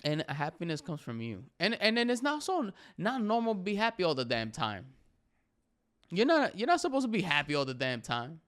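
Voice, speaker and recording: Quick and a bit bright, this slightly high male voice swings hugely in pitch as a thirty-something comedian muses on his feelings. It's a candid, rambling, reflective solo episode of his own podcast.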